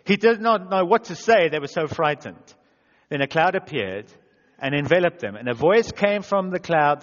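A man's voice: on the high side, sing-song, normal speed. A man preaching a sermon as pastor, self-deprecating, acting out quotes in little voices. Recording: dull echoey church hall sound.

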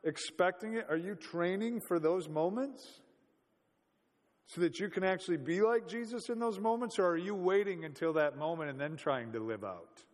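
High-voiced male preacher in a reverberant hall. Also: moderate pace. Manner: conversational, storytelling, rhetorical questions. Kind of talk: sermon.

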